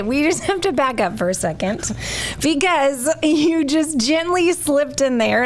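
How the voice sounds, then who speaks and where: A woman co-hosting a podcast, affirming and encouraging her guest to tell her story. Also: high voice. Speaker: podcast co-host. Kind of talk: conversational interviewing.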